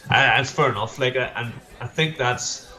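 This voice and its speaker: A man's voice: mid-range voice, normal speed, pushed and bright. A man with a Northern Irish accent, a plasterer chatting as a guest, telling stories and repeating words as he goes. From Northern Ireland. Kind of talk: casual interview chat. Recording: echoey room.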